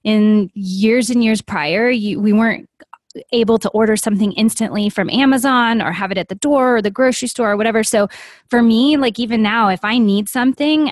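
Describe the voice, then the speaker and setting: A woman's voice: mid-range voice, no echo, studio quality. A woman in her thirties and a mother, talking thoughtfully in a casual conversation and repeating words for emphasis.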